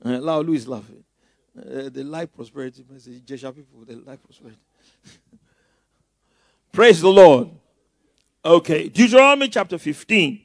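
Pastor, male, high and very lively voice, preaches with loud bursts and teasing asides, dry close sound. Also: a little fast, gravelly, no room sound. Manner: mocking asides. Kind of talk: sermon.

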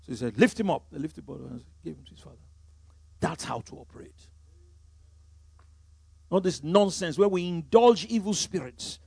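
A Nigerian man preaching a sermon as pastor, emphatic, swinging from loud declarations to quiet asides. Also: a little high, expressive, normal speed, vocal fry, long pauses, husky, no echo.

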